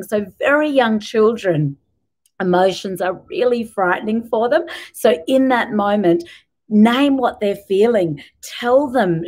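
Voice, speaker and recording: A middle-aged woman giving parenting advice to camera in a gentle, reassuring way, laying out tips in short lists. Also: medium pitch, rough recording. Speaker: parenting educator.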